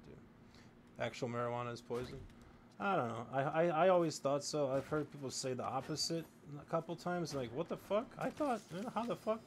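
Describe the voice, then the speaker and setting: A man streaming a video game, chatting loosely with his viewers and swearing freely as he plays, in a room with faint background noise. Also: medium pitch. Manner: rambling, profane, talking to chat while playing. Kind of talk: casual live-stream chat.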